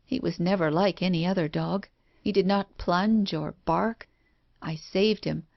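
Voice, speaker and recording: A woman reading a first-person horror story in a measured, even way. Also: fairly low pitch, vocal fry, dry recording. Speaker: audiobook narrator. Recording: dull dry lo-fi recording.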